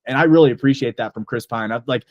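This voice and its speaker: A man's voice: medium pitch, fast, dry recording, muffled recording. A man co-hosting a casual movie podcast, talking enthusiastically and rambling with lots of fillers. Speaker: podcast co-host. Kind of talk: casual movie review chat.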